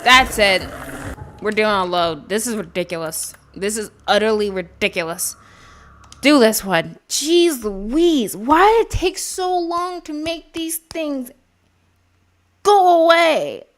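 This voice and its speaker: A woman's voice: fairly high pitch, expressive, unhurried. A woman playing a video game and commenting, exasperated and talking back to the characters on screen. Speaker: gaming streamer. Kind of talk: let's-play commentary.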